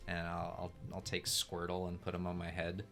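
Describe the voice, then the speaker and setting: A man's voice: sits low, monotone, moderate pace, creaky, fairly bright tone, soft background music. A man playing a tabletop game, talking playfully in character to creatures. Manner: playful, talks to creatures as to pets. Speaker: player.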